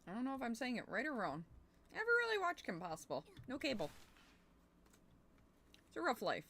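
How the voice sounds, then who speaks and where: A woman's voice: on the high side, wildly swooping pitch, fast, sharp tone, slight background noise. A young woman streamer chatting casually while playing a game, thinking aloud and swearing now and then. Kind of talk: casual gameplay chat.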